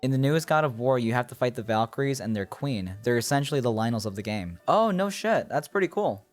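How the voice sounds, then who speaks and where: A man's voice: mid-range voice, animated, fast, faint music behind. Rambling male game streamer. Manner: rambling, thinking aloud while playing; chats with viewers. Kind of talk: casual gameplay commentary.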